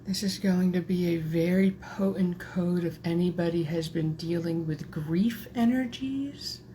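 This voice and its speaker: A woman energy healer leading a guided channeling session in soft, meandering spiritual phrasing. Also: lowish voice, unhurried, a little hiss or hum.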